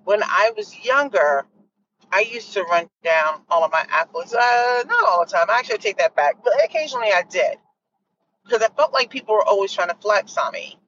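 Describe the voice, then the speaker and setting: A middle-aged woman hosting a podcast, telling a story in a casual, animated way and acting out what others said. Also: medium pitch, fairly quick. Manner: animated, acts out others' lines with laughs. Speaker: podcast host. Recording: distant muffled mic with faint noise.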